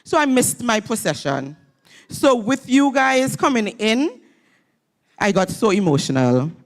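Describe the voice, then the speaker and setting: In a church hall at a graduation ceremony, a woman delivers a motivational address, speaking emphatically and leading call-and-response with the audience. Her voice is a little high, swings widely in pitch, and moves a little slowly.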